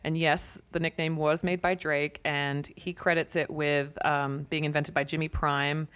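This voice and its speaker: A woman's voice: low voice, flat delivery, fairly bright tone, clean tone. Playful woman hosting a quiz chat. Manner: playful, quick to laugh. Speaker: podcast host.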